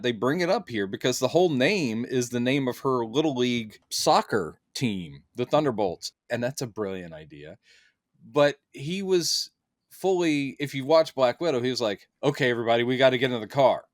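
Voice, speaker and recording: Male film reviewer, casual chat, mid pitch, dry close sound, animated quoting. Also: no room sound. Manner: chatty, quoting characters in playful voices.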